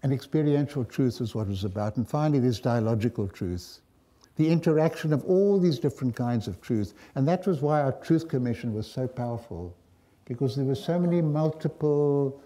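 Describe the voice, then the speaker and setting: An older man with a South African accent gives a lecture. His voice is mellow and dark at an ordinary pitch. He tells stories in a reflective, wry way and often pauses. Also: lively intonation. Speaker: guest lecturer. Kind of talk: storytelling lecture.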